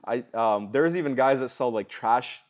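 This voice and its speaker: A man's voice: mid-range voice, normal speed. A young man in his twenties, a podcast guest, telling stories in casual slang. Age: 20s. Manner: storytelling, lively, casual slang.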